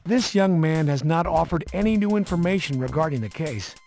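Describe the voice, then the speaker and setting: A dry police game narrator. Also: male voice, on the high side, animated, fairly quick, creaky, a little mellow, soft background music. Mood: matter-of-fact.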